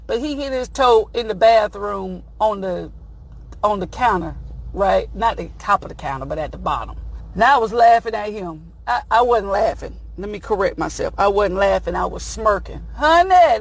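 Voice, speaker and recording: Animated high-voiced woman host, folksy storytelling. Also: no echo. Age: adult, married. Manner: animated, folksy, emphatic storyteller addressing listeners as honey. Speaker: show host. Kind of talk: lively comedic morning-show monologue.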